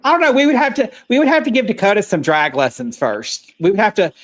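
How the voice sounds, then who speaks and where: A man's voice: sits high, wildly swooping pitch, fast, fairly bright tone. A man co-hosting a casual podcast, talking in a rambling, blunt way and swearing freely. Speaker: podcast co-host. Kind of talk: casual chat.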